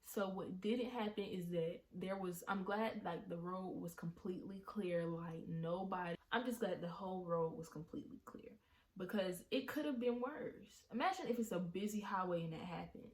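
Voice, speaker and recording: A woman vlogger telling an emotional story. She talks haltingly, with many fillers and restarts, and sounds shaken as she relives a frightening event. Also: lowish voice.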